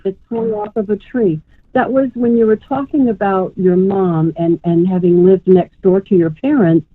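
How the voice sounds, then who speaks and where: On a radio call-in show, a woman psychic medium gives a live reading, her medium-pitched voice fairly even in intonation and moderate in pace. She's warm and rambling, calling the caller "sweetheart." The tinny phone line carries no room sound.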